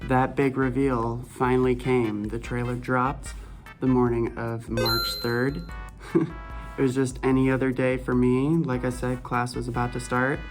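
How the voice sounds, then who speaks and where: A man's voice: medium pitch, level tone, measured pace, faint music behind. A man in his twenties hosting a casual gaming vlog, chatty and nostalgic as he looks around his old campus. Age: 20s. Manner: nostalgic, laid-back and chatty. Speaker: gaming vlogger host. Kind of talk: casual walking vlog narration.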